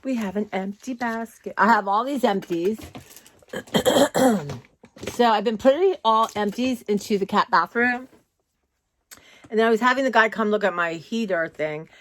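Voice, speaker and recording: A woman's voice: mid-range voice, a little slow, long pauses, a bit bright, slight background noise. A woman vlogging casually from her home, chatty and rambling, often saying "y'all". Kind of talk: casual chat. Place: home, indoors.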